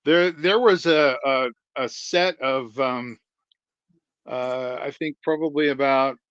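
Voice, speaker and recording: A man in casual chat, speaking hesitantly and slowly with many ums and uhs. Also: mid-range voice, a bit bright, smooth, dry recording. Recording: dull dry remote audio.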